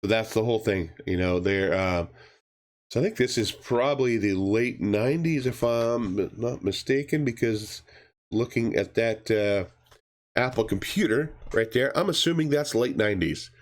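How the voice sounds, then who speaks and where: A man's voice: lowish voice, animated, moderate pace. A man co-hosting a podcast, rambling casually with many fillers and restarts as he recaps a comic. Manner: acts out characters' lines in a raised voice. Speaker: podcast co-host reviewing comics. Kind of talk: casual chat.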